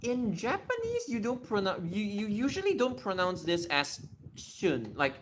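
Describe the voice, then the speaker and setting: Streamer, chatty and excitable, voice swinging widely in pitch, keys clacking faintly behind. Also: measured pace, a little hiss or hum. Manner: excitable, thinks aloud while typing. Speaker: livestreamer. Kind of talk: casual livestream Q&A.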